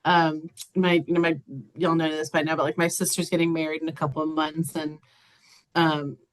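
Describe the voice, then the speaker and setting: A young woman sharing in a casual church group chat, quick and gentle with many fillers. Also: deep voice, level tone.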